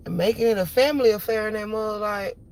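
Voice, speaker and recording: A woman venting on a phone live stream from her parked car, rambling and repeating herself, with sudden loud outbursts. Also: mid-range voice, fast talker. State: upset after losing her job. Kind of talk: casual venting monologue. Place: parked car in a parking lot.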